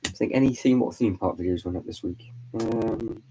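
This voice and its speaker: A man hosting a casual live stream, hoarse and stuffy from hay fever and a lost voice, rambling and repeating his words as he answers chat. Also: deep voice, quick pace, background noise. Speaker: vlog host doing a live stream.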